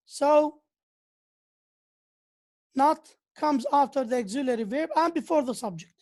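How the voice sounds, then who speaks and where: Slow, high-voiced woman lecturing. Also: darkish tone. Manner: repeats key phrases, reads out examples. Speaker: university lecturer. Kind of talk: slow lecture on English grammar.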